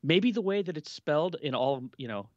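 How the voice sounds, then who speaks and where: A man co-hosting a casual tech podcast, talking in an animated way with many restarts and growing exasperation. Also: a little high, normal speed, no room sound, highs cut off. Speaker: podcast co-host.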